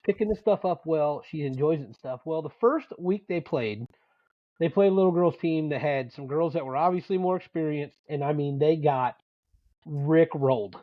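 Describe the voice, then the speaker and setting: A man with a slightly raised voice swaps profane, animated stories in casual sports banter. His audio sounds dull and lo-fi. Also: a little high, moderate pace, no room sound. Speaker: podcast co-host; youth sports dad and coach.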